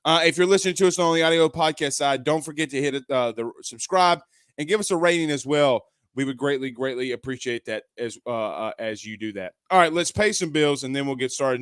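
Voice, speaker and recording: A man's voice: medium pitch, fairly quick, a bit bright, clean tone, no echo, studio quality. A man hosting a live sports talk show, chatting loosely with lots of fillers and restarts.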